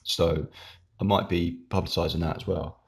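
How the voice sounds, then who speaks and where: A man's voice: low-pitched, steady tone, moderate pace, vocal fry. A man, hosting his own channel, chatting casually in a rambling way while eating with his mouth full. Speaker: YouTube channel host.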